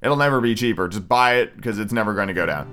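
A man's voice: on the low side, lively intonation, fast talker, over loud music. A young man hosting a podcast, rambling through a casual movie review, swearing and cutting himself off mid-sentence. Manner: rambling, profane, self-interrupting. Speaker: podcast host.

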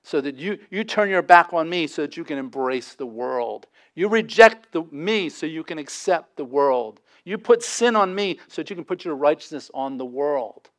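A man preaching a sermon as pastor, impassioned, with dramatic pauses and sudden drops to a hush. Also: on the high side, expressive.

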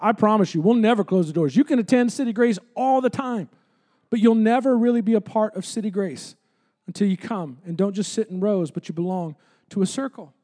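A man's voice: high voice, a little fast, dark tone. A man preaching a sermon as pastor, with impassioned, emphatic repetition.

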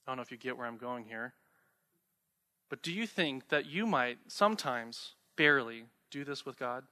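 A man's voice: mid-range voice, lively intonation, moderate pace, sharp tone. A young man preaching a sermon, talking conversationally and asking the listeners rhetorical questions. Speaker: pastor.

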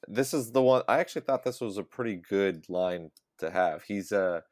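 A man guesting on a casual podcast, relaxed and laughing often. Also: on the low side, normal speed, no echo, clean studio sound. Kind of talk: casual chat.

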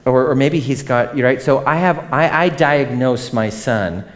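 A man in his thirties preaching a sermon, conversational and animated, often turning to ask the congregation questions. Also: medium pitch, a little slow. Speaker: pastor.

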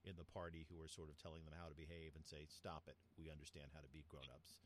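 Deep-voiced chatty man. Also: fast, slight background noise. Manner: chatty, animated storyteller. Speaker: podcast co-host. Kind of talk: casual chat.

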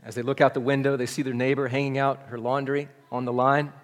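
A man's voice: mid-range voice, little pitch movement, fast. A man preaching a sermon as pastor, conversational and often asking the congregation "right?". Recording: long reverb of a church hall.

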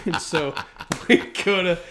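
Man telling a lively story. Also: high voice, slow, crowd noise. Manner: animated anecdote-telling, laughing through the story. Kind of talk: casual storytelling chat.

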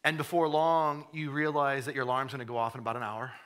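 A man preaching a sermon, conversational, repeating words as he goes, then rising to fervent emphasis and dropping to a hush. He says he has a cold. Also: medium pitch, level tone, fast, smooth. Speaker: pastor.

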